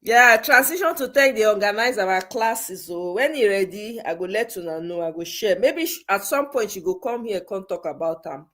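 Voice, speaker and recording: A woman's voice: medium pitch, expressive, normal speed, hardly any pauses, fairly bright tone. Nigerian woman hosting a casual livestream. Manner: mixes Pidgin, laughs often, reads comments aloud. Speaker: livestream host.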